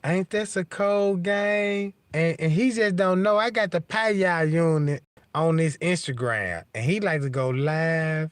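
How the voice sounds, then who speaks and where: A man's voice: on the high side, measured pace, smooth. A man hosting a casual livestream, rambling and profane, getting heated and constantly asking if listeners know what he's talking about. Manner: heated and animated. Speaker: livestream host.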